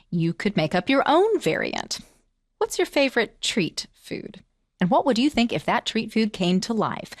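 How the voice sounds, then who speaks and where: A woman teaching and reading children's stories aloud, expressive and asking the listeners questions. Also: medium pitch, no echo, studio quality. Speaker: storyteller teacher. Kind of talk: children's story reading and lesson.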